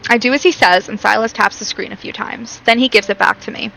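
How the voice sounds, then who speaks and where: A woman's voice: mid-range voice, quick pace, creaky, sharp tone, faint music behind, low-quality recording. A young woman streaming a romance game, reading narration and her own lines aloud and chatting between them.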